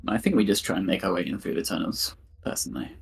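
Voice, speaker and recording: A man's voice: low-pitched, fast, gravelly. A man playing a tabletop role-playing game, making dry, wry remarks to the group. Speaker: player. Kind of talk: casual tabletop play chat.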